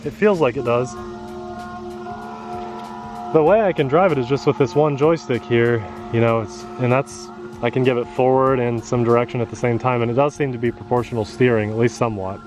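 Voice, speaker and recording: A man's voice: medium pitch, fairly even intonation, brisk, over music. A man hosting an RC hobby channel, chatting casually and joking while testing a boat by a pond outdoors. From rural United States. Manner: easygoing, chatty, jokey. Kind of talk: casual outdoor review chat.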